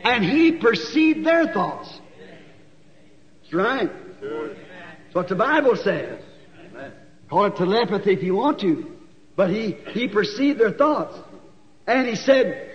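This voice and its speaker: High-voiced man preaching in an echoing hall. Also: animated, unhurried, long pauses. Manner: folksy storytelling, rising to shouts. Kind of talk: sermon. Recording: dull recording with long hall echo.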